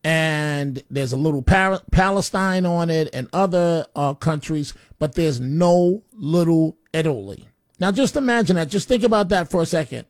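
A man's voice: on the high side, expressive, normal speed, no echo, clean studio sound. A man hosting a talk radio show, brash and opinionated. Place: radio studio.

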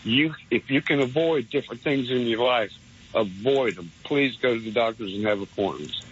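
A man's voice: normal speed, husky. A man calling in to a radio show, ranting sarcastically with lots of stammered repeats. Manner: sarcastic, repetitive stammering, pitch swings. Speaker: radio caller. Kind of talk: rambling call-in rant. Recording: muffled phone-line call.

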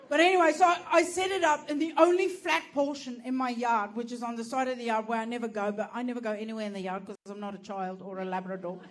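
A woman's voice: a little high, fairly even intonation, fast talker, few pauses, a little hiss or hum. A woman telling a brash, profane, self-mocking stand-up story, laughing through her lines. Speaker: stand-up comedian.

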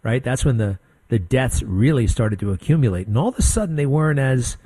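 A middle-aged man hosting a radio talk show, blunt and sarcastic, mocking people with quick impressions. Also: medium pitch, lively intonation, dark tone, husky, no room sound. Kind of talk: opinionated talk radio monologue.

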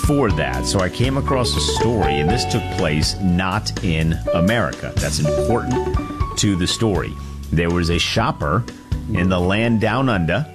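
A man's voice: deep voice, animated, a little slow, loud music behind the voice. A man co-hosting a podcast, telling stories in a joking, rambling way. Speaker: podcast co-host. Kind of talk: casual storytelling chat.

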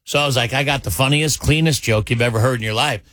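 A male morning radio host in a dry, close-miked studio, chatting casually and then telling a joke. He acts out a gruff bartender and brings the characters to life. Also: medium pitch, fast talker, a bit bright, no room sound. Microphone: studio mic.

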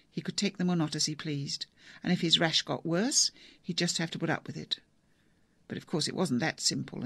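A narrator reading a novel aloud in a measured, even storytelling manner. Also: mid-range voice, vocal fry, dry recording. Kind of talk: audiobook narration.

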